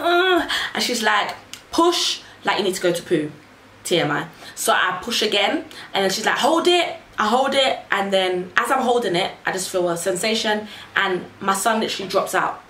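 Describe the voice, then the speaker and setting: Woman telling a story, echoey room. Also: medium pitch. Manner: animated, acts out quotes in raised voices. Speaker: vlogger. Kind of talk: casual storytelling to camera. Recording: echoey room, faint noise.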